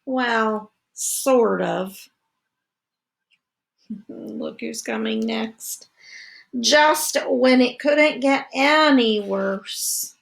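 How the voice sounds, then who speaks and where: A woman teacher reading a picture book aloud to children, slow and expressive, with asides to her listeners. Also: on the high side, creaky.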